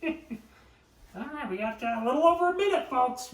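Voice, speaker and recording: A man's voice: extremely high pitch, animated, normal speed, recorded from a distance. A man hosting a live cooking stream, chatting and joking with viewers and laughing often. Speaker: livestream cooking host. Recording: echoey room, voice off-mic.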